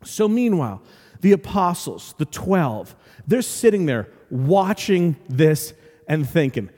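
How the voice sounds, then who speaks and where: A man preaching a sermon, telling the story in an animated way with humorous asides. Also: fairly high pitch, slow, in a large hall. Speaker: pastor.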